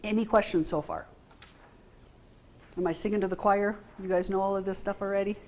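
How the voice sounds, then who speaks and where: A woman's voice: medium pitch, fairly even intonation, brisk, darkish tone. A woman giving an informal training talk to a group, frank and conversational, often asking the room questions. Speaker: workshop trainer.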